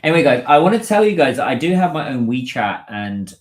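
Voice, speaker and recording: A man's voice: mid-range voice, sing-song, quick pace, echoey room. A British man hosting a casual livestream, chatting and answering viewers' comments as they come in. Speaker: livestream host.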